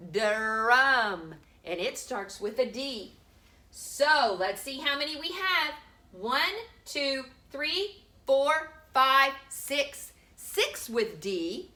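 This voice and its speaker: A woman teaching preschoolers a phonics lesson from home, talking to the camera, sounding out letters slowly and with emphasis. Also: on the high side, pushed and bright. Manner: slow, sing-song, sounds out letters with emphasis. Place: home room.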